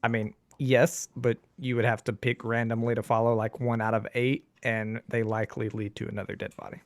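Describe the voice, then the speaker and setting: A man running a tabletop game as game master, describing scenes in a relaxed way with lots of fillers. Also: medium pitch, brisk, no echo. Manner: relaxed, filler-heavy narration.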